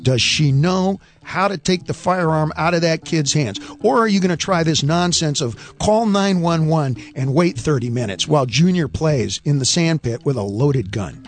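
A man performing a stand-up comedy rant, animated and opinionated, often mimicking other people's voices. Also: fairly high pitch, moderate pace, hardly any pauses, soft background music.

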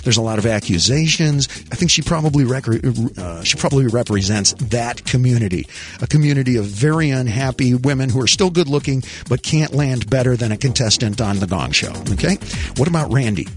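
A man's voice: mid-range voice, a little fast. Wisecracking male radio host. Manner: wisecracking, animated, rhetorical questions. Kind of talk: talk radio banter.

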